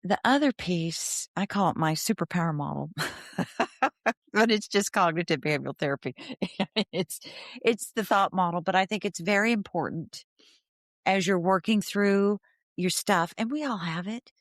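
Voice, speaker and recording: A woman therapist guesting on a podcast, explaining ideas in an animated way, laughing often and acting out inner thoughts. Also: lowish voice, unhurried, no room sound, clean studio sound.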